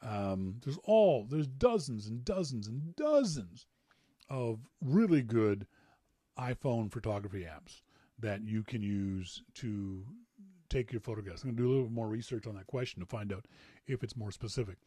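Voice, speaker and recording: A man hosting a tech podcast in casual chat, animated and rambling, with jokes and repeated words. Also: on the low side, moderate pace, no room sound, clean studio sound. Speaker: podcast host.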